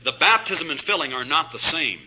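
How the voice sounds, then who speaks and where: A man's voice: fairly high pitch, lively intonation, fairly quick, sharp tone, husky, poor audio. A middle-aged man preaching an emphatic Bible study sermon as pastor, chuckling at his own jabs.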